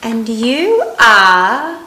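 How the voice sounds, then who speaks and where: A bright Australian flatmate. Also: female voice, fairly high pitch, slight background noise, full character voice. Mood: friendly. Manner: slow, clearly enunciated lines. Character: bright, chatty young Australian woman. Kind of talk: scripted drama dialogue for learners.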